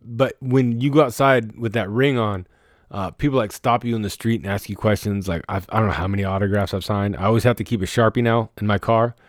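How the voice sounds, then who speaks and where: A man with a lowish voice, rambling through a casual league recap from his bedroom. His talk is crude and teasing, full of swearing and trash talk. The sound is dry and close, with no room echo. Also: a little fast. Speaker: fantasy football league commissioner.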